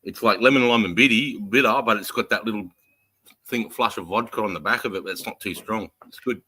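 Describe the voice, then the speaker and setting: A man's voice: on the low side, a little fast, bright, forceful tone, slightly rough. An Australian man in casual podcast chat, easygoing and sweary. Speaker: podcast co-host.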